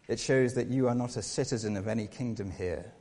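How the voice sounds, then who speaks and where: A man preaching a sermon, earnest, with repeated rhetorical questions and shifts between hushed and emphatic delivery. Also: lowish voice, brisk, breathy edge. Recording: long reverb of a large hall.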